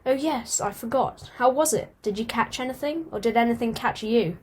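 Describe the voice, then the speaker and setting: A woman voicing a chatty, excitable young male house cat in a storybook reading, asking quick, eager questions. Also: a little high, a little hiss or hum, close to an everyday voice.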